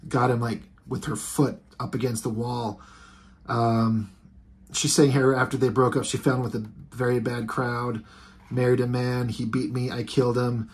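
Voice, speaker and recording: A man's voice: medium pitch, flat delivery, moderate pace. A man casually reviewing a comic book, rambling along with lots of ums and restarts. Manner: rambling, filler-heavy.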